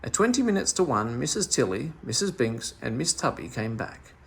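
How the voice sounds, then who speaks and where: Brief: male reader of children's stories, gravelly and husky, very lively pitch. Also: normal speed. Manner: animated, expressive storytelling. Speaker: storybook reader. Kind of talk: children's story read-aloud.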